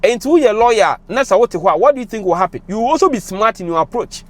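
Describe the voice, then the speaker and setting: A man's voice: sits high, animated, quick pace. A young Ghanaian man speaking with a Ghanaian accent, giving emotional, impassioned commentary that switches between English and Twi. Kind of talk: passionate commentary to camera.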